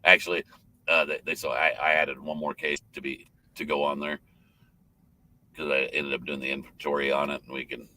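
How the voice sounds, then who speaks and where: A very deep-voiced man co-hosts a casual live stream. His tone is bright and forceful, and he jokes and teases as he reads viewer comments. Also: flat delivery, a little fast, slight background noise. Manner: joking, teasing.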